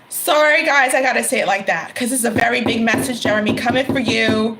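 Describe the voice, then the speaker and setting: A woman's voice: a little high, lively intonation, moderate pace, few pauses, noisy background. A middle-aged woman giving a tarot reading to camera, emphatic and given to repeating her phrases and exclaiming. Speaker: tarot reader.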